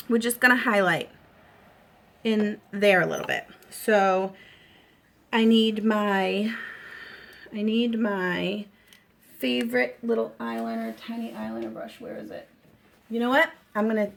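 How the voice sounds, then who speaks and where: Woman, Boston accent, bright forceful voice, chatty makeup tutorial, reassuring, faint background hiss. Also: a little high, animated, measured pace, long pauses. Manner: chatty, reassuring, lots of fillers.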